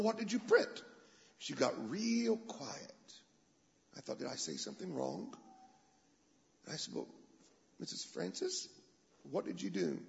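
A man preaching, telling stories and acting out the people he quotes. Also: sits high. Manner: animated, acts out quoted voices. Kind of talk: sermon storytelling. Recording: dull sound with long hall reverb.

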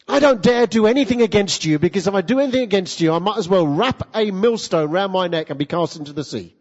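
A man preaching a sermon in a church, lively and full of rhetorical questions put to the congregation. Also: sits high, fast. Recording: lo-fi with long hall reverb.

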